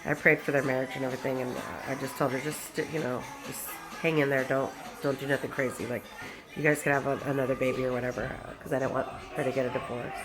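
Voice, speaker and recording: Low-voiced woman rambling in a home vlog. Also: flat delivery, quick pace, over music. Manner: rambling, stops and starts, frequent repeated words. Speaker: vlogger. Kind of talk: casual vlog chat. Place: home with noisy roommates.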